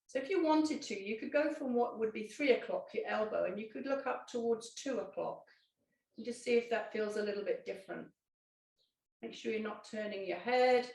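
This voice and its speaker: Calm woman teaching in echoey room. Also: on the high side, moderate pace, vocal fry, distant mic. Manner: calm, gentle guiding with fillers and self-corrections. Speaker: Pilates instructor. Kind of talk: guided exercise instruction.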